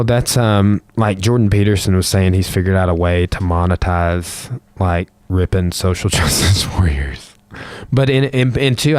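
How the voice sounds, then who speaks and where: A deep-voiced man hosts a podcast and rambles loosely, full of filler and swearing. The sound is dry and close, with no room around it. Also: a little mellow, no echo. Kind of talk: casual chat.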